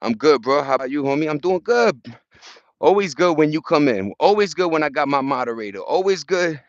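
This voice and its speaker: A man's voice: on the high side, expressive, brisk, dry recording, lo-fi sound. A man from Brooklyn with a New York accent, live-streaming as he walks uphill in a park, upbeat and profane with lots of street slang as he greets his viewers. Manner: talking while walking uphill outdoors. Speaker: livestreaming vlogger. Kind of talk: casual live-stream chat. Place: outdoors in a park on a hill. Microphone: phone held at arm's length.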